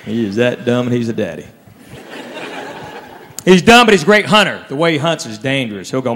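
A man's voice: medium pitch, sing-song, a little fast, pauses often, a bit bright. A man doing a stand-up routine, drawling and laughing at his own jokes. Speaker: stand-up comedian. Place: comedy club stage. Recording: live room with long reverb and audience. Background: crowd laughter, room noise.

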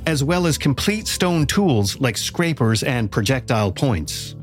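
Lively male documentary narrator. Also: medium pitch, unhurried, faint music behind. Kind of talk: scripted narration.

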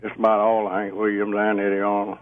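An older man calling in to a radio show, slow and folksy, chuckling as he talks. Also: on the low side, completely flat delivery, dry recording. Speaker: radio caller. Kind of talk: casual call-in radio chat. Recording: muffled phone-line call.

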